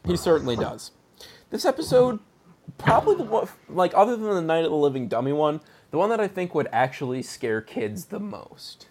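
A man hosting a chatty review podcast, his voice sitting a touch high and swinging widely in pitch. He rambles along loosely, laughing as he goes. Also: moderate pace, a little hiss or hum. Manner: rambling, laughs often, animated retelling. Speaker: podcast host. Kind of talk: casual review chat.

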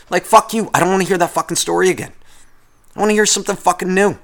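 A man's voice: sits high, fairly even intonation, fast, fairly bright tone. A man in his thirties hosting a show, telling a story in an exasperated rant, swearing constantly. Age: 30s. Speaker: podcast host. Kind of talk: profane ranting storytelling.

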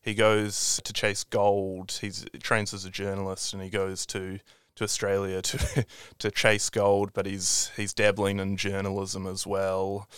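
A man's voice: low-pitched, completely flat delivery, measured pace, fairly bright tone, smooth, no room sound, clean studio sound. A man, a historian guest on a podcast, talking thoughtfully and often restarting his sentences. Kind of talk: conversational interview.

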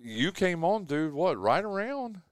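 A man hosting a local sports radio show, excitable and quick to laugh, calling everyone "dude". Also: sits high, no room sound, clean studio sound. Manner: excitable, laughs often, says "dude" a lot. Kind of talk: casual sports radio chat. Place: radio studio. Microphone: studio microphone.

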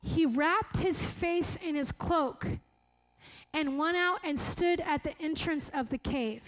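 A woman preacher giving a sermon in an earnest, slow and emphatic way, often correcting herself mid-phrase. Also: high-pitched, rough recording.

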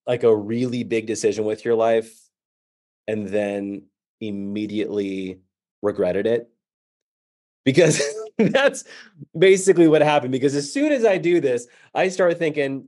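Animated male motivational storyteller. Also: medium pitch. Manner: animated storyteller acting out quoted voices. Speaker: keynote speaker.

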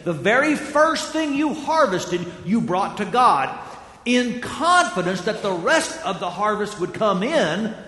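A man's voice: high-pitched, sing-song, unhurried, bright, forceful tone. A man preaching a sermon as pastor, telling stories with acted voices and dry humor. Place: large church auditorium. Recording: echoey hall.

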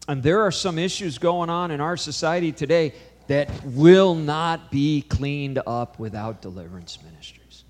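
A man's voice: on the high side, animated, normal speed. A man preaching a sermon, telling a story with emphatic rises and drops in his voice. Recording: long hall reverb.

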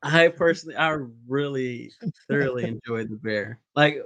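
Relaxed man chatting on a podcast. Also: mid-range voice, moderate pace. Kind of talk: casual chat.

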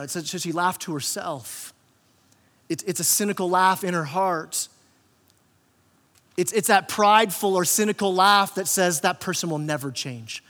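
A man's voice: high-pitched, fairly bright tone, in a large hall. A man preaching a conversational sermon as pastor, often repeating words and acting out quotes. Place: church hall.

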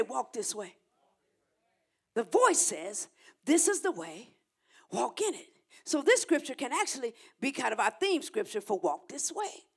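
This sermon comes from a middle-aged woman pastor whose voice is a little high and husky. She shouts in a rhythmic pattern of repeated phrases and calls for the congregation's response.

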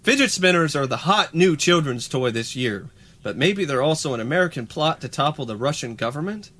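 A young man co-hosts a casual podcast, reading news items aloud and breaking off into sarcastic asides. His voice sits a little high, and he swears casually as he jokes. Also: expressive, fairly quick, a bit bright. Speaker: podcast co-host.

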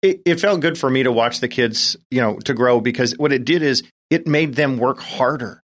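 Coach guy talking plain, stops and restarts a bit, mid pitch. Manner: plain-spoken, halting restarts. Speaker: coach, guest. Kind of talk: casual interview answers.

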